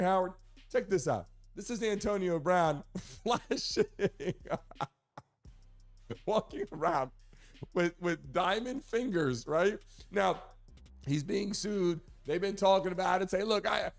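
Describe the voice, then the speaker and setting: High-voiced chatty male sports talk host. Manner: chatty, laughing often, animated asides to a producer. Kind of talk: casual sports and celebrity talk.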